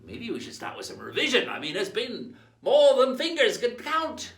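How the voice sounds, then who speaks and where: Boisterous Australian pirate-captain presenter. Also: male voice, very high-pitched, huge pitch swings, normal speed. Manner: boisterous, laughing, call-and-response shouts. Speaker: pirate-themed children's presenter. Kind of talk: playful pirate lesson for kids. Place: aboard an old sailing ship in a harbour. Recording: echoey sound from a distant mic.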